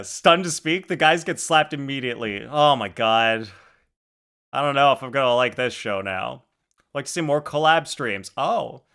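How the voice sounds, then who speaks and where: Joking, bright-voiced young male streamer. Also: on the high side. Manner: laughing, joking, animated, crude humor. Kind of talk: casual live stream chat, reading chat.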